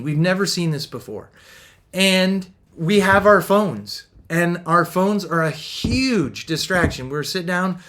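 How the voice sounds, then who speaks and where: A middle-aged man giving an energetic, upbeat Christian marriage talk. He laughs often and acts out the voices of the people he quotes. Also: high-pitched. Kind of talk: motivational talk.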